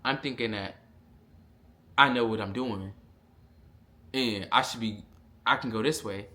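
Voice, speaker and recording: A young man vlogging a casual storytime, animated and full of slang and profanity. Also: on the low side, unhurried.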